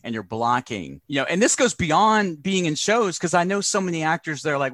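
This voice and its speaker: A man's voice: a little high, lively intonation, moderate pace, hardly any pauses, fairly bright tone, dry recording, studio quality. Emphatic man hosting a podcast. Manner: emphatic, lecturing, lists points. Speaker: podcast host. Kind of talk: casual podcast chat.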